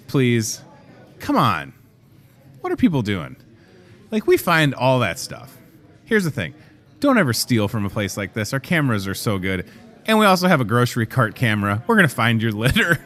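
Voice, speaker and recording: Lively joking man hosting an in-store show. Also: mid-range voice, moderate pace. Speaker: host. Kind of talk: casual in-store promo chat. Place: grocery store.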